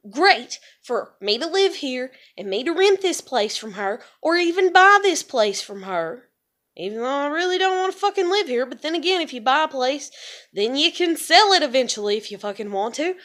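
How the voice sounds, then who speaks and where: A woman's voice: high-pitched, sing-song, normal speed, fairly bright tone. A woman in her thirties venting to camera in an angry, profanity-laced rant, sighing between outbursts. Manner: angry, profane ranting with sighs. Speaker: vlogger.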